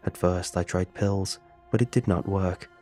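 A flat, robotic computer voice reads out a dying man's last note, as a man puts it on. It speaks without intonation, very low and dark, with a husky grain. The horror storybook reading stays level throughout. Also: a little slow, soft background music. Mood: bleak.

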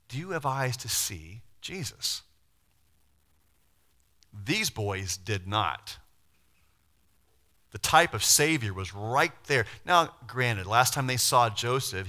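Middle-aged male pastor, bright forceful tone, chatty animated sermon delivery. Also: on the low side. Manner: animated, conversational preaching with sudden loud and quiet swings.

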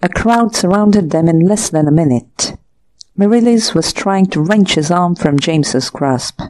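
A woman narrating an audiobook of a classic short story in a steady, measured way. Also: on the low side. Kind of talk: scripted narration.

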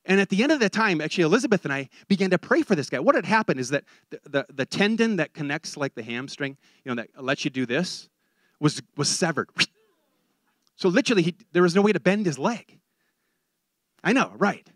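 Animated high-voiced male preacher. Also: a little fast, no room sound, clean studio sound. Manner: animated, repeats words while building a point. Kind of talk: sermon.

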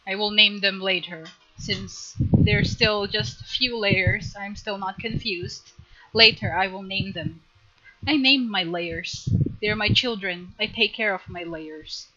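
A woman teaching a live drawing tutorial on stream, chatty and giggly, gently coaching her viewers. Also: mid-range voice, slow pace, highs cut off.

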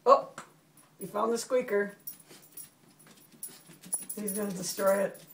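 A woman in a home video, cheering her dog on in an excited sing-song voice. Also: mid-range voice, slow, gravelly, a little hiss or hum. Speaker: dog owner filming her pet. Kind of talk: home video pet talk. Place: home room. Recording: echoey home room.

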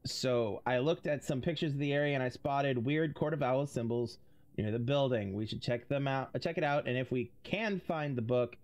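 A man's voice: mid-range voice, moderate pace, darkish tone. A man streaming a video game, chatty and self-amused as he reads in-game messages aloud. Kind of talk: casual livestream reading aloud.

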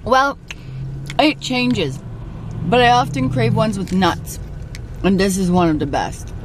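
Slow-talking silly woman vlogger. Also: mid-range voice, noisy background. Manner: silly, giggly. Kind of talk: casual food vlog chat.

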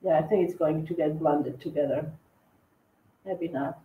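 A woman co-hosting a live cookie-decorating tutorial, chatting in a halting way with lots of fillers and restarts. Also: low voice, reverberant, phone-quality sound. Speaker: cookie decorating livestream co-host. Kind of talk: casual tutorial chat while decorating.

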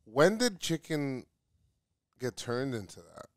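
A man's voice: mid-range voice, sing-song, takes it slowly, no echo, clean studio sound. A man co-hosting, chatting casually and second-guessing the others while playing a geography game. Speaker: podcast co-host.

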